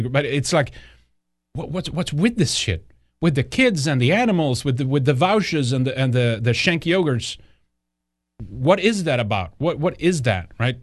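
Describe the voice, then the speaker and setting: A man's voice: medium pitch, very animated, moderate pace, no room sound, studio quality. A man hosting a news commentary podcast, talking in a rambling, indignant way and swearing often. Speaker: podcast host.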